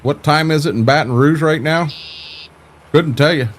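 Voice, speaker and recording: A man's voice: fairly high pitch, normal speed, slight background noise. An older man chatting casually on a live stream about farming games, laid-back and folksy, often stumbling and repeating words.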